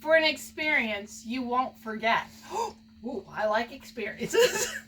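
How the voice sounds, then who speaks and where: A woman's voice: fairly high pitch, big pitch swings, slow, fairly bright tone, far from the mic, slight background noise, poor audio. A woman opening gifts from fans on a home video, gushing, laughing often and using baby talk with her pet. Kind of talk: casual home video chat.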